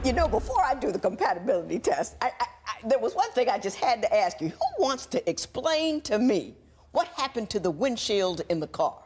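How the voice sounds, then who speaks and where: A woman judging and hosting a TV court show, wry and teasing and quick to laugh. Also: on the high side, sing-song, darkish tone, a little hiss or hum. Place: TV studio courtroom.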